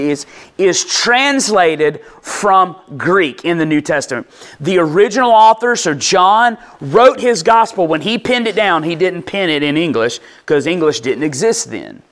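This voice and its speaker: A man delivering a sermon as a conversational teaching talk. His voice sits a little high for a man. He restarts and repeats words as he explains, and keeps asking whether his listeners are still with him. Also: lively intonation, measured pace, fairly bright tone. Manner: conversational, checks in with listeners often. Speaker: pastor.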